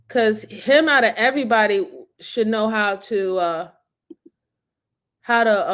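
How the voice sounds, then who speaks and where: A woman's voice: medium pitch, slow, fairly bright tone. A woman hosting, giving blunt, incredulous live commentary. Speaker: host.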